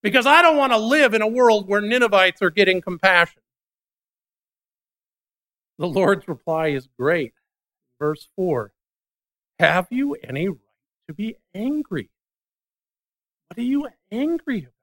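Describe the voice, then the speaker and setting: A man preaching a sermon, retelling a Bible story with lively voiced dialogue. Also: sits high, unhurried, long pauses. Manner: animated storytelling, voicing biblical characters. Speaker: pastor.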